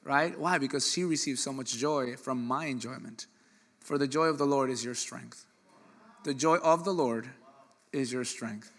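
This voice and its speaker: A man preaching a sermon in an animated, joking way, with sudden loud bursts. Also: medium pitch, normal speed. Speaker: pastor.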